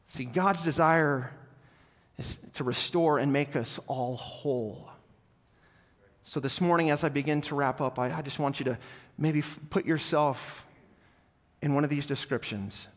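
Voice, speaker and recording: A male pastor tells a story during a sermon and grows softer and lower as he invites the church to respond. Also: normal speed. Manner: storytelling, falls soft and low when inviting. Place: church sanctuary. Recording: long hall reverb.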